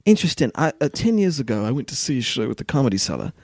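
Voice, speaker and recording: A man doing a clueless, puzzled British man in a deliberately poor British accent. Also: sing-song, darkish tone, dry recording, studio quality. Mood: bemused. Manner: bemused, questioning, higher voice.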